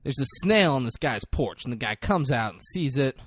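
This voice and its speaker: A man co-hosting a podcast in casual chat, retelling a film scene with lots of swearing and quick acted-out lines. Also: medium pitch, slightly rough, no room sound, clean studio sound. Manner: animated, profane, acts out film lines in quick voices. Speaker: podcast co-host.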